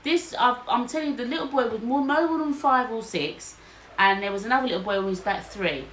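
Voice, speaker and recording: Speaking briskly with a fairly high voice, a podcast co-host shares a story in an easygoing chat. She livens it up by performing other people's lines, her animated voice recorded in an echoey room with a faint layer of noise.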